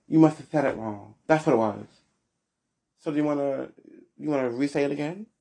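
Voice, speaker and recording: A man hosting a solo podcast, giving blunt, sassy opinions with big swings in pitch. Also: a little fast, creaky, warm tone. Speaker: podcast host.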